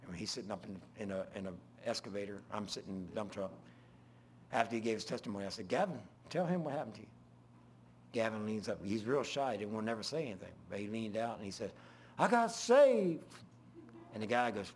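An older man preaching an informal sermon, full of folksy stories and swinging between loud and hushed. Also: on the low side, fast, slight background noise.

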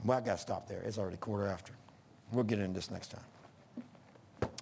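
Gravelly preacher man. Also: fairly low pitch, moderate pace, a little mellow, a little hiss or hum. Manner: earnest, folksy, rising to emphatic bursts. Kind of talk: sermon.

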